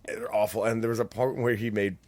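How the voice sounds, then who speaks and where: Casual man with a low voice. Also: level tone, brisk, darkish tone. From Canada. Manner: profane, laughs a lot, acts out quoted voices. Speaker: podcast co-host. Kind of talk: casual chat.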